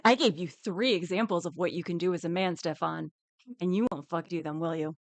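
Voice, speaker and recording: A woman's voice: fairly low pitch, brisk, no echo. A woman streaming a live reaction, ranting angrily and swearing, with bursts of laughter.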